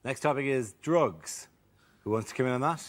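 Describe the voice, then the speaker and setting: A man hosting a comedy panel show, briskly announcing topics. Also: mid-range voice. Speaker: show host. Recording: noisy studio with audience.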